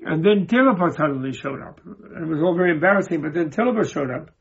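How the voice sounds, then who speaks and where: A man giving an informal Buddhist teaching, telling stories in a halting way, often repeating and restarting his words. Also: on the high side, lively intonation, gravelly, husky, muffled recording. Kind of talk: informal spoken teaching with storytelling.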